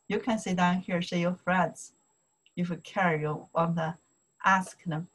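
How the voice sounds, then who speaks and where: Mandarin-native woman tutor with a Chinese accent, unhurried and a little breathy, drilling phrases over and over. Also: fairly low pitch, steady tone, low-quality recording. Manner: slow, repetitive, drills pronunciation in Mandarin and broken English. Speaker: Chinese language teacher. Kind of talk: casual online language lesson.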